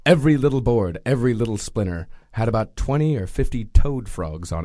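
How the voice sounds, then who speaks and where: A man's voice: mid-range voice, animated, a little fast, dark tone, no room sound, studio quality. A man telling a history story for laughs, reading it aloud with jokey asides. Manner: reads a history tale aloud with jokey asides and voiced quotes.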